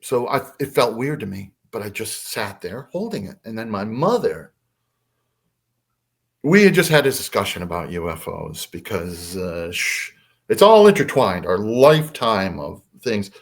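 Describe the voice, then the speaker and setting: An older man, a podcast guest, telling a personal story in a casual, animated way. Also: fairly low pitch, unhurried. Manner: animated, acts out voices in his anecdotes.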